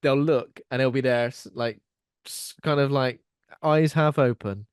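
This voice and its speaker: A man's voice: medium pitch, unhurried, smooth, no room sound, clean studio sound. A man co-hosting a podcast in casual chat, rambling and self-mocking, laughing often. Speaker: podcast co-host.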